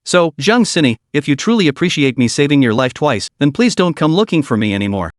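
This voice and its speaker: A man's voice: a little high, big pitch swings, a little fast, no room sound, clean studio sound. A man doing a blunt, bitter young vendor. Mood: sarcastic. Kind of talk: storybook narration.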